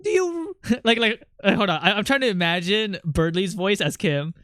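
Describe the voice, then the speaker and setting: A livestreamer chatting casually with viewers, rambling and excitable, jumping from topic to topic. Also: medium pitch, normal speed, few pauses, dry recording, clean studio sound.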